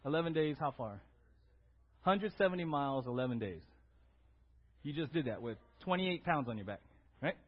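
A man preaching a sermon as pastor, conversational and animated, often asking "right?" to his congregation. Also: fairly high pitch, normal speed, pauses often, slightly rough, muffled recording.

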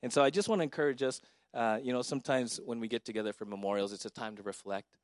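A man's voice: mid-range voice, fast, no echo, studio quality. A middle-aged man, a pastor, giving a personal, conversational eulogy at a memorial service. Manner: conversational, warmly personal, with filler words.

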